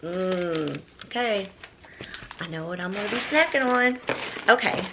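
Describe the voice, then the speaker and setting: A woman's voice: mid-range voice, lively intonation, measured pace, noisy background. A woman chatting casually on camera while unboxing a gift box, gushing and exclaiming often. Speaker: vlogger.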